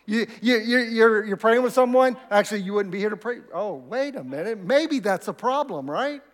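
Man, pastor, sermon, high voice, conversational, questions to the congregation, church hall reverb. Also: animated, normal speed. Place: church sanctuary.

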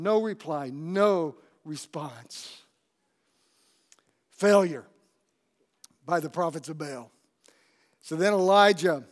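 A man with a high-pitched voice preaches a sermon. He tells the story with animated energy and turns to ask his congregation questions. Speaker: pastor.

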